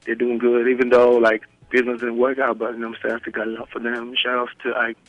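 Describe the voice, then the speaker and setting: A man's voice: mid-range voice, completely flat delivery, quick pace, dry recording, dull audio. A man from Nigeria, a musician calling in to a radio interview, laid-back and casual, often saying "you know what I'm saying".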